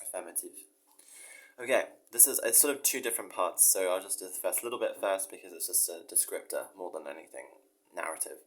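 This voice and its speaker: A man's voice: deep voice, a little fast. A man, a professor and musician, rambling casually and reading his own story aloud, self-mocking, swearing freely and laughing at himself.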